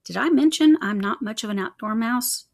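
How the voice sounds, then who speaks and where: A woman's voice: fairly high pitch, animated, moderate pace, gravelly. A woman voicing a nervous, fussy male mouse in a storybook reading, with a stammering, whiny manner. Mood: fretful.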